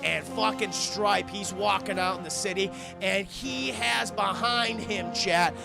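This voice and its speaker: A man's voice: sits high, unhurried, gravelly, over music. A young man recapping a film on a live stream, swearing freely and constantly addressing his chat.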